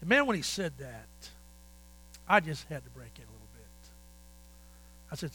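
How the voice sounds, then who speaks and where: An older man, a pastor, telling folksy stories in a sermon with animated, repetitive phrasing. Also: a little high, normal speed, pauses often, a little hiss or hum, low-quality recording. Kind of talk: sermon storytelling.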